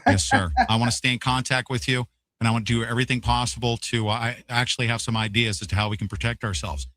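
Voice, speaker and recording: A man's voice: medium pitch, steady tone, fast talker, fairly bright tone, no echo. A man hosting a talk show, questioning his guest in an urgent, emphatic way. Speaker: host. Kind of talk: talk radio interview.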